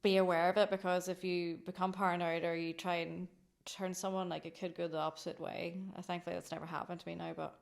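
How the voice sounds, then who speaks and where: A woman's voice: lowish voice, flat delivery, fast, creaky. Chatty, effusive Irish woman. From Ireland. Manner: chatty and effusive, laughs often. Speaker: guest, company founder. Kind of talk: casual podcast interview.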